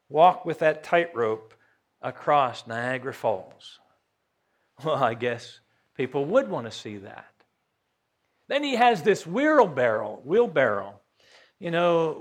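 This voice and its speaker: A man preaching a sermon as pastor, folksy, questioning his congregation and rising to loud emphasis. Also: a little high.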